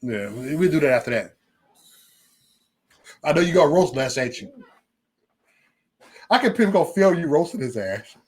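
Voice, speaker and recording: A man hosting a casual livestream, with a slightly high voice that swings up and down constantly. He jokes loudly, swears freely and laughs often as he banters with his viewers. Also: very animated, normal speed, long pauses, slightly rough. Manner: loud, joking, profane banter with frequent laughs. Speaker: live stream host.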